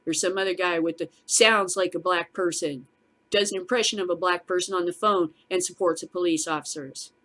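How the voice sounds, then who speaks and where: A middle-aged woman with a lowish voice delivers an angry, profanity-laced rant straight to her audience. She talks casually, as a vlog host would, her fury driving each line. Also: fairly even intonation, fairly quick, fairly bright tone. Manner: profane, furious ranting. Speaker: show host.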